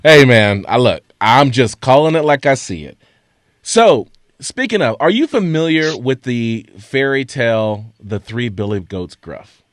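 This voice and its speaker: A man's voice: mid-range voice, unhurried, dry recording, clean studio sound. A man co-hosting a sports talk show in casual chat, telling stories with energy and stammering when he is pushed. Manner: animated storyteller, stammers when pressed. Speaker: podcast co-host. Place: studio.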